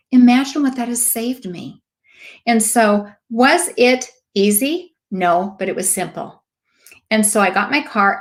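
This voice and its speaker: A woman in her late fifties, a sales director giving a motivational talk, telling lively stories and acting out the voices of people she quotes. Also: on the high side. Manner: emphatic, preachy asides.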